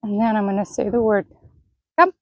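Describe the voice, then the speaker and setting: Woman, horse trainer, higher voice, breathy, dry close sound, gentle praise and calm explaining. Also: moderate pace, no room sound, poor audio. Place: outdoor riding arena.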